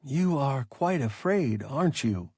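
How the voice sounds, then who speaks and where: A man voicing a calm, philosophical, large and sluggish alien creature that speaks in a measured, formal way in an audiobook. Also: medium pitch, breathy edge, no echo, clean studio sound. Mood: calm reasoning.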